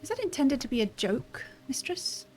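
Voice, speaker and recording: A woman's voice: sits high, sing-song, moderate pace, a little mellow, faint music behind, voice pushed up. A woman reading aloud the lines of a formal, dutiful male robot servant in a stiff, polite manner. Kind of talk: reading game dialogue aloud.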